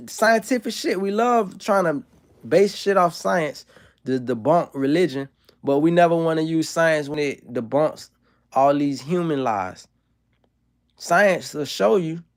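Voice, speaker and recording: A man streaming live, delivering a provocative, profane and emphatic monologue to his chat. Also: fairly high pitch.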